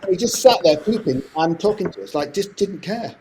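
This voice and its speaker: A middle-aged man, telling stories as a podcast guest in animated, rambling talk. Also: sits high, background noise. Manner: fast, animated anecdote-telling with frequent laughs. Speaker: guest composer. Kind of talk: casual podcast interview storytelling.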